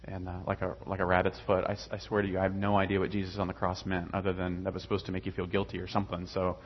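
A man's voice: low voice, completely flat delivery, rapid-fire, dull audio, a little hiss or hum. A young adult man casually telling his personal faith story, rambling with many fillers and restarts.

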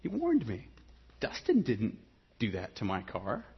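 Husky-voiced pastor telling a funny story. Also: male voice, lowish voice, wildly swooping pitch, unhurried, muffled recording. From Ohio. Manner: humorous storytelling, dropping to a quiet earnest tone. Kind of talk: storytelling sermon.

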